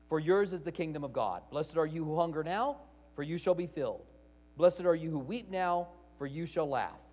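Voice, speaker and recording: A male pastor delivers a sermon in a conversational style, reading scripture aloud and putting rhetorical questions to the congregation. His voice is on the high side and carries a big-room sound.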